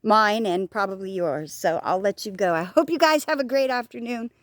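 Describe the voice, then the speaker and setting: In a clean, studio-like recording with no room sound, a woman speaks at a moderate pace in a mid-range voice. Walking outdoors, she addresses the camera in a casual vlog, rambling candidly, cursing liberally and making jokes at her own expense, and says she's hard of hearing.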